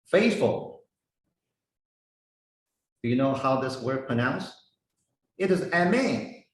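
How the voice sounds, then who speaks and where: A man teaching a Bible lesson, slowly spelling out Hebrew words and their meanings one by one. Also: mid-range voice, animated. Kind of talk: slow explanatory lesson. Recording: echoey room, voice heard from a distance.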